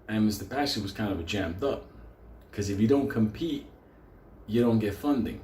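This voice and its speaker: A man's voice: fairly low pitch, lively intonation, moderate pace, mellow. A man telling a profane, comedic story in a crude, rambling way, jumping into voices for the people in it. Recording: roomy sound with faint ambient noise.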